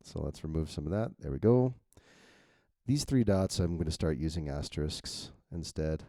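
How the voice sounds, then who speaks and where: A man with a very low, gravelly voice rambles casually as he talks through edits, swearing freely and chuckling at his own remarks. His tone is dark and mellow, recorded close and dry. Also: moderate pace, dry recording. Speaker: novelist. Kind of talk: thinking-aloud editing walkthrough.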